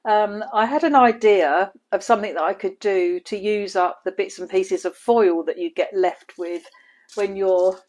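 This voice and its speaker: A woman's voice: medium pitch, normal speed, darkish tone. A woman hosting a live craft demonstration, chatty and apologetic, laughing often and a little out of breath. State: out of breath after sneezing. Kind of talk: casual live-stream chat and demo.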